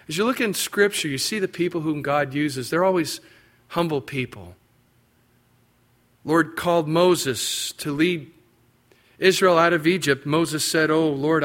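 A man delivering a sermon in a fairly high voice for a man. He moves between a quiet, low teaching tone and excited, pitched-up retellings of biblical characters. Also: moderate pace. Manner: animated, acts out biblical quotes with rising pitch and emphasis. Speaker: pastor.

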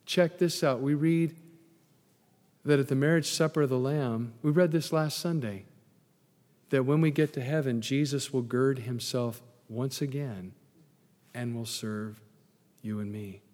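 A man's voice: mid-range voice, a little slow, long pauses, darkish tone. Preaching man in a reverberant hall. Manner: conversational preaching with asides and humor. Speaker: pastor. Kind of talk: sermon. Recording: long reverb in a large hall.

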